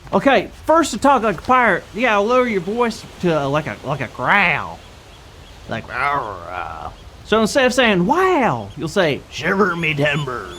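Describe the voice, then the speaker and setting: Young man, kids church host, goofy, playful, very lively pitch, faint hiss behind. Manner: goofy, playful pirate persona. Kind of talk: playful kids show hosting.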